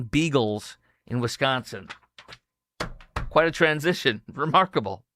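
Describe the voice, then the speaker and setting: A man's voice: mid-range voice, lively intonation, unhurried, pauses often, sharp tone, no room sound. A man hosting a talk show, reading headlines aloud and breaking off with incredulous comments. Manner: reads headlines then comments, incredulous asides. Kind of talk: casual news commentary.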